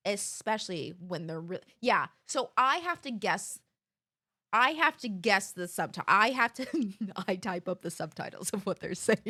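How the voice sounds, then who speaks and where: A woman in her twenties streaming live, chatting casually to her audience in a rambling, giggly way with sudden excited outbursts. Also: mid-range voice, no room sound, studio quality.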